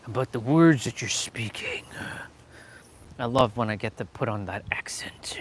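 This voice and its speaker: A man hosting a rambling motivational live stream, dropping to low murmurs and then pushing words out slowly and loudly for emphasis. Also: a little hiss or hum. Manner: swings from low murmurs to loud, slow, drawn-out emphasis; laughs often, casual and self-aware.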